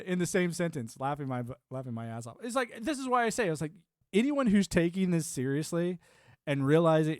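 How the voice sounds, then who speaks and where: Guy streaming, talks in loops, keeps laughing, kinda high voice, dead dry mic. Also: no echo. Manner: rambling, laughs often, animated swings. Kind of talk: casual live-stream chat.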